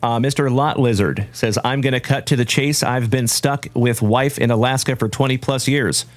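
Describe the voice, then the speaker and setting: A man hosting a live trading-card stream, chatting warmly with viewers and giving shout-outs. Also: medium pitch, fairly even intonation, moderate pace, no echo, soft background music. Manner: hearty, shout-outs full of "my brother" and "my man". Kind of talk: upbeat livestream chat with viewers.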